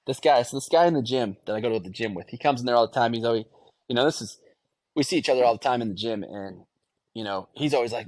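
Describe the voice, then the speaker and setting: This candid interview features a thirtysomething male guest whose medium-pitched, somewhat mellow voice moves quickly. He's reflective and sincere, frequently starting his sentences over.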